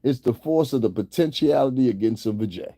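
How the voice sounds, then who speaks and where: A man's voice: mid-range voice, expressive, fairly quick, dark tone, no echo, clean studio sound. A man hosting a livestream, talking crudely and casually to his chat, roasting viewers and laughing often. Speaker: livestream host. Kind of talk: casual profane commentary to chat.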